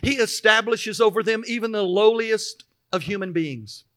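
Male pastor, high and bright, mid-sermon, reads scripture, stops to explain it. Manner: reads scripture then pauses to explain with emphatic asides.

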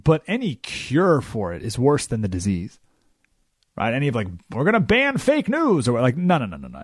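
A man's voice: medium pitch, a little mellow, no room sound. A man hosting a radio talk show, delivering an emphatic, sarcastic opinion monologue from a studio.

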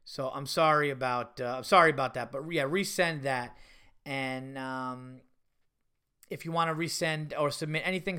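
A man hosting his own podcast, telling profane, animated stories with laughs in a casual, unscripted way. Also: fairly high pitch, clear, resonant tone. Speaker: podcast host and stand-up comedian. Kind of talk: casual solo podcast storytelling.

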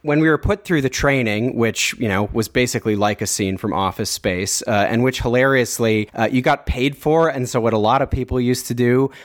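A man's voice: medium pitch, brisk, few pauses. A man from Canada hosting a podcast, telling a story in a wry, chatty way and laughing at himself. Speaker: podcast host. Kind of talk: casual storytelling.

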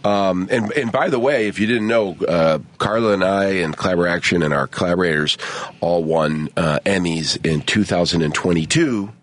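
A man's voice: deep voice, moderate pace, no echo. A man co-hosting a talk radio show from a studio, chatting casually and joking around. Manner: playful, jokey, breaks into sung rhymes.

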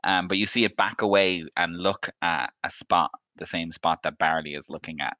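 A man running a tabletop game as game master, relaxed, laughing often and filling pauses with um. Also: deep voice, no room sound.

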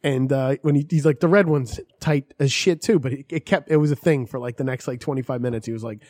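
A man's voice: mid-range voice, quick pace, a little mellow, dry recording, studio quality. A man telling a story in casual chat, swearing often and acting out the people he quotes.

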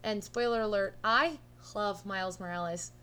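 A woman's voice: medium pitch, normal speed, pushed and bright, clear, resonant tone. A woman co-hosting a casual film review podcast, playful and jokey with frequent giggles. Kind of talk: casual chat.

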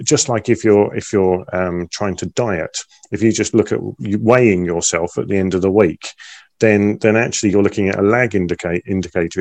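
A man's voice: fairly low pitch, darkish tone, dry recording. A man interviewing a guest, talking casually and often repeating words as he stumbles. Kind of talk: conversational interview.

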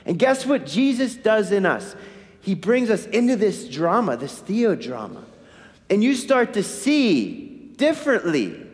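Man, priest, sermon, high-pitched, asks questions of the congregation, long reverb in the church. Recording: hall reverb.

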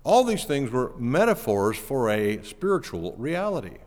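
A man's voice: mid-range voice, big pitch swings, unhurried, darkish tone. A man preaching a sermon to his congregation, explaining step by step with earnest, emphatic repetition. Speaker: pastor. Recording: long church hall reverb.

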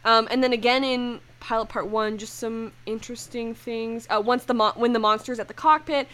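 A woman's voice: a little high, fairly even intonation, normal speed, hardly any pauses, a bit bright. A young woman co-hosting a casual podcast, chatting loosely with many fillers and reading quoted lines aloud. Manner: chatty, reads quotes aloud, frequent "like" and laughs. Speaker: podcast co-host.

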